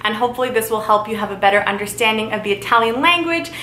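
A woman giving a casual video language lesson, chatty and friendly, repeating phrases slowly and carefully. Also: fairly high pitch, animated, sharp tone, slight background noise. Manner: slow, careful repetition of phrases. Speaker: language teacher. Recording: roomy echo.

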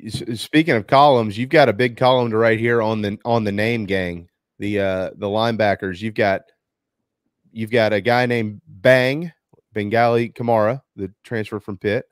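A man from the South Carolina Lowcountry hosting a sports talk show, affable and teasing in casual chat. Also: steady tone, normal speed, smooth, dry recording, studio quality.

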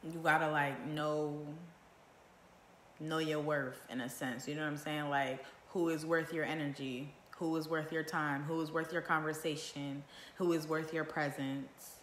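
A woman with a low, forceful voice speaks her mind on a home livestream, blunt and swearing freely. She stacks up rhetorical questions one after another. The room around her adds a roomy echo. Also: little pitch movement, a little slow, a little hiss or hum. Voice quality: naturally loud voice. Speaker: vlogger going live. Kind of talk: casual live-stream monologue. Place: at home indoors.

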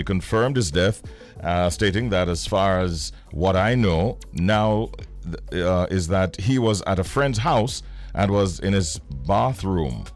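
Deep-voiced male radio host. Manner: conversational, with fillers and restarts. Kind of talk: morning radio news chat.

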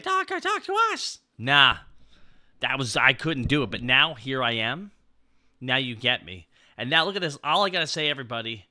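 A man's voice: mid-range voice, pushed and bright, dry recording, clean studio sound. A man streaming as a VTuber in casual chat, joking goofily at his own expense and answering his chat. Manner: goofy, self-mocking, reads out chat.

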